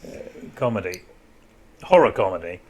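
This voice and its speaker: A man talking casually with friends on a podcast. He goes off on lively tangents about films and stories, often restarting his sentences and pausing to find the right word. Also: deep voice, breathy edge. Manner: animated, tells stories with pauses and restarts. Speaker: podcast co-host. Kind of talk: casual chat.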